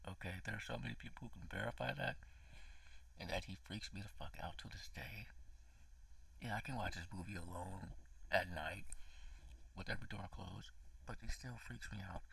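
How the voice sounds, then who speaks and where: A man's voice: low-pitched, normal speed, creaky, pauses often, pushed and bright, breathy edge, no room sound, distant mic. A man giving a casual spoken movie review, ranting with emotion and profanity, sometimes dropping to a whisper.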